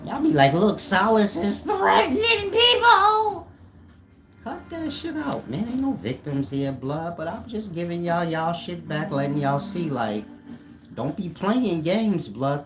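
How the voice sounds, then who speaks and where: A man's voice: sits low, low-quality recording. A man in casual online talk, slangy and mocking, who laughs often at his own jokes. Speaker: online commentator.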